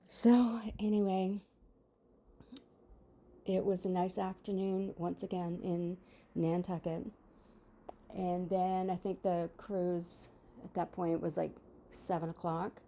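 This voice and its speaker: This woman in her sixties, a vlogger, speaks slowly with a warm, lowish voice that barely moves in pitch, leaving long pauses. Her personal story unfolds as a chatty, rambling monologue packed with fillers.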